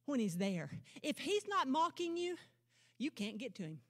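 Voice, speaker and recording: A woman pastor preaching a sermon with emphatic declarations and rhetorical questions, swinging from loud proclamations to low, intense asides. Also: sing-song, moderate pace. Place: church service.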